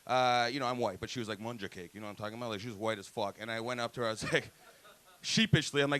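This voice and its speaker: A man's voice: mid-range voice, very fast, a bit bright. A man in his thirties from Toronto with a Toronto accent, performing stand-up comedy, profane, often laughing, acting out other voices. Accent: Toronto English. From Toronto, Canada. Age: 30s. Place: comedy club stage.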